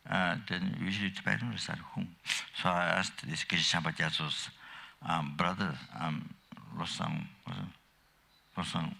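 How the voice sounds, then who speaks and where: An older man gives a halting, meandering Dharma teaching, his very deep voice gravelly and husky yet edged with sharpness. He speaks slowly, trails off into fillers and restarts, and stops to cough often. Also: pushed and bright. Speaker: Buddhist teacher.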